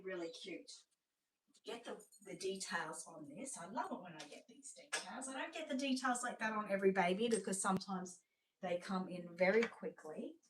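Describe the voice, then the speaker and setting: Australian woman, live-stream seller, chatty and gushing, hushed asides, roomy room, off-mic. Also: mid-range voice, far from the mic. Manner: chatty, gushing, drops to a hushed voice over sweet babies. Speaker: doll seller hosting a live showcase. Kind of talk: live-stream sales showcase. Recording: roomy sound, away from the mic.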